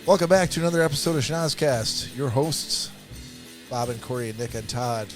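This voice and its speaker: A man hosting a casual comedy podcast with friends, upbeat and quick to laugh. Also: mid-range voice, steady tone, music in the background. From Michigan. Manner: upbeat, laughing, emcee-style. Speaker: podcast host.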